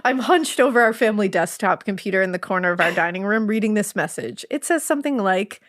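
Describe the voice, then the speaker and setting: A woman's voice: mid-range voice, lively intonation, quick pace, a bit bright. A woman podcast co-host reading a listener's story aloud in a sarcastic, swearing, laugh-prone way. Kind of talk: casual storytelling read-aloud.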